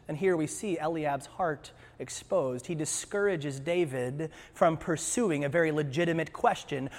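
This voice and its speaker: A man preaching a sermon in church, animated and acting out scripture scenes with voices. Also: fairly high pitch, moderate pace, few pauses, in a large hall. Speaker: pastor.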